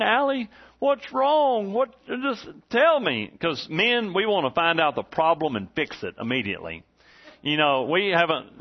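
A man in his forties, a pastor giving a folksy, conversational sermon to a congregation in a church, with lots of "uh" fillers. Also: mid-range voice. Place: church sanctuary before a congregation. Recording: dull, slightly muffled recording.

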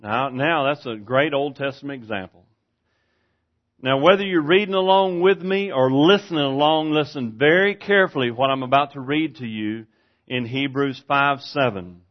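A man preaching a sermon, swinging from hushed, slow scripture reading up to loud, shouted preaching. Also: medium pitch. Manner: reads scripture slowly and deliberately. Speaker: pastor. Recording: dull lo-fi sound.

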